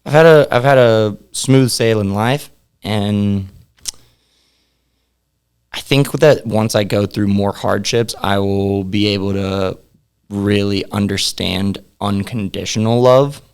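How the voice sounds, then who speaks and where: A man's voice: on the low side, steady tone, slow pace, darkish tone, clean tone. A young man, a podcast guest, chatting casually in a laid-back, rambling way and laughing often. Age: young adult. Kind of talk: casual interview chat.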